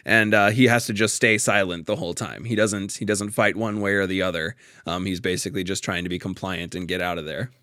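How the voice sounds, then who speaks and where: A man's voice: low voice, steady tone, a little fast, hardly any pauses, bright, forceful tone, dry recording, clean studio sound. A man in a casual, thoughtful discussion of a play, often restarting his sentences and laughing lightly.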